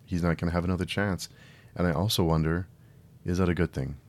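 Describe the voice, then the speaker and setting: Man, deep low voice, solo podcast host, casual, restarts often, exasperated. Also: steady tone, fast talker, darkish tone. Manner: conversational, frequent restarts, exasperated. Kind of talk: solo film review podcast.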